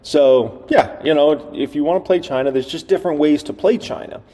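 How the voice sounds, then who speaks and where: A man's voice: on the high side, a little fast, dark tone, big-room sound. A man talking casually about stocks, often asking rhetorical questions and answering them himself. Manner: chatty, asks rhetorical questions. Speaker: investing YouTuber. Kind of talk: casual market commentary.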